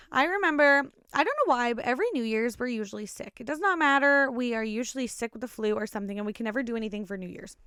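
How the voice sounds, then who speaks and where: A woman's voice: a little high, quick pace, bright, forceful tone, smooth, no echo, clean studio sound. A woman hosting a show and casually telling her own stories, swearing often and rambling with lots of fillers. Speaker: podcast host telling personal stories. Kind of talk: casual storytelling.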